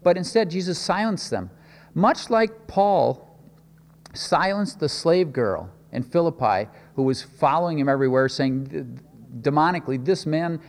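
A man's voice: on the high side, in a large hall. A man preaching a conversational sermon, asking rhetorical questions and often restarting his phrases. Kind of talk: expository sermon.

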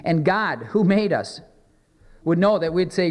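Earnest male pastor preaching in a reverberant hall. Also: fairly high pitch. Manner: earnest, measured preaching with slow emphatic scripture readings. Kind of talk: sermon.

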